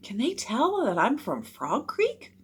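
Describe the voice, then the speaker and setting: A woman's voice: on the high side, huge pitch swings, slow, slightly rough, voice pushed up, exaggerated voice. A woman voicing a curious, earnest young boy who wonders aloud in his thoughts. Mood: puzzled.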